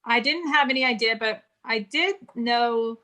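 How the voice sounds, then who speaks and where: Woman in her 40s from California, interview guest, bright and forceful tone, recounts her past frankly. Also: fairly high pitch, measured pace. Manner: candid storytelling, quotes others in dialogue. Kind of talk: casual interview conversation.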